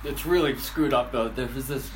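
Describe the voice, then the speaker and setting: A man's voice: mid-range voice, moderate pace. A young man in his twenties, co-hosting a casual podcast, laid-back and joking, saying "like" and "dude" a lot. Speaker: podcast co-host. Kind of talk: casual chat. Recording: echoey room with faint noise.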